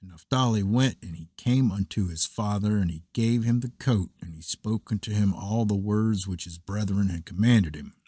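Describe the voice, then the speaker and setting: A man reads old scripture aloud in a measured, solemn way. His voice sits low and carries a husky edge. The sound is dry and close, with no room around it. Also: mellow, no room sound. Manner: measured, solemn reading of archaic text. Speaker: scripture reader.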